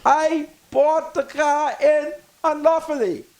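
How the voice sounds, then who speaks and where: An older man from the Bahamas with a Bahamian accent, a guest on a talk show. He tells stories emphatically, in a preachy way, and sometimes rises to a shout. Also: very high-pitched, steady tone, takes it slowly, poor audio. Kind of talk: talk radio discussion.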